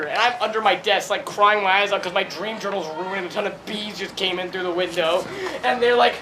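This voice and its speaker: A young man with a very high voice tells a wandering, made-up comic story, full of fillers and giggles. Clear background noise hums under the recording. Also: fairly quick. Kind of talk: rambling improvised comedic storytelling.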